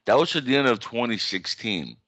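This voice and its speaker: A man hosting a podcast in casual chat, telling a story with lively energy and acting out other people in a high voice. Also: a little fast, dry recording. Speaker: podcast host.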